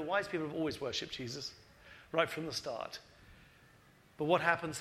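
A man preaching a sermon, telling stories with energy and acting out the people he quotes. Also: on the high side. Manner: animated storytelling, acting out quoted voices.

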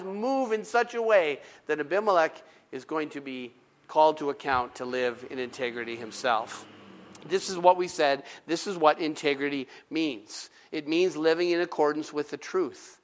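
Male pastor, middle-aged, fairly high voice, animated sermon, acts out dialogue, chatty asides.

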